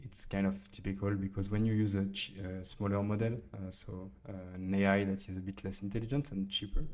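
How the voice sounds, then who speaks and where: A man with a deep, mellow voice talks through a software tool off the cuff. He pauses often on "uh" and restarts his sentences, keeping an even, unhurried tone. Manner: halting, frequent "uh" fillers and restarts. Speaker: presenter demonstrating a video-editing AI tool. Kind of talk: unscripted software walkthrough.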